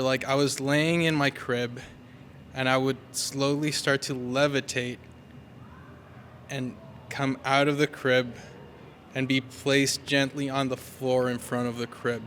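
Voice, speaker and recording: Guy telling a childhood ghost story live, really slow, hesitant, bit of noise behind. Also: medium pitch, steady tone, a bit bright.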